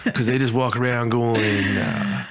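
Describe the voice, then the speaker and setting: A man's voice: on the low side, animated, moderate pace, creaky, background noise. A man co-hosting a podcast in casual chat, joking and wisecracking often. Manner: joking, wisecracking, drifts into bits. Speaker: podcast co-host.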